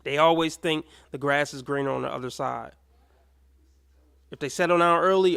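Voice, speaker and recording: Male reaction host, fairly high voice, blunt, sarcastic, swears. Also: moderate pace, gravelly, fairly bright tone, clean tone. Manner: blunt, mocking, swears freely. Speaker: commentator reacting to clips. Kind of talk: reaction commentary.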